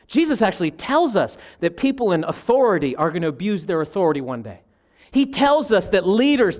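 Male pastor, 30s, high voice, animated sermon delivery. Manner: animated preaching, addresses the congregation as y'all.

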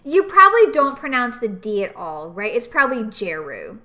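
A woman co-hosting a casual chat podcast, easygoing and quick to laugh. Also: fairly high pitch, wildly swooping pitch, pushed and bright, a little hiss or hum. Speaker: podcast co-host. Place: home, Tennessee.

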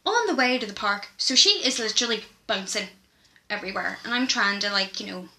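A woman's voice: medium pitch, a little fast, a little hiss or hum, low-quality recording. A woman, co-hosting a podcast in casual chat and telling stories with lots of fillers. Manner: chatty, animated storytelling with many fillers. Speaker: podcast co-host.

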